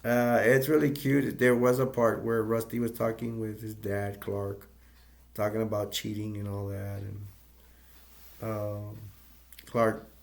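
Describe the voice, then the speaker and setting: A man's voice: fairly low pitch, vocal fry, a little mellow. A man casually retelling a movie's plot as a reviewer, rambling with restarts and loose asides.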